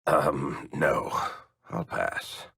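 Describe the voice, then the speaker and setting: A man's voice: extremely low pitch, very slow, creaky, a bit bright, slightly rough, no room sound, studio quality, heavily acted. An actor playing a wry, teasing middle-aged male dwarf storyteller in sarcastic video game companion banter.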